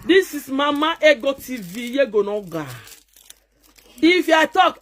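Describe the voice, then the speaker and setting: A woman's voice: on the high side, lively intonation, normal speed. Mocking Nigerian Pidgin woman ranting at viewers. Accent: Nigerian Pidgin English. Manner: mocking, scolding, chanting. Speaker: social media vlogger. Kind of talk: taunting rant to viewers.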